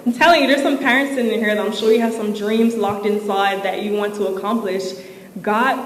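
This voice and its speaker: A woman's voice: medium pitch, fairly even intonation, a little fast. A young woman giving an inspirational, faith-filled commencement speech, casual and emotional, with many fillers. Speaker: commencement speaker. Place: large hall at a ceremony. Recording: echoey hall with crowd noise.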